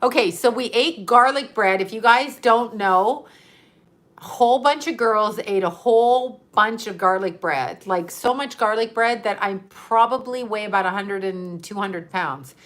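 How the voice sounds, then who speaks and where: A woman's voice: medium pitch, unhurried, fairly bright tone. A woman hosting a casual live stream, chatting in a rambling, giggly way and often breaking into laughter.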